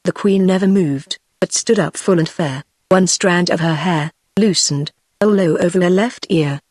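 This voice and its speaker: A text-to-speech voice of a woman with a British accent, narrating an audiobook in an even, measured way. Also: on the low side, no echo, studio quality. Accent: British English. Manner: even, measured synthetic delivery.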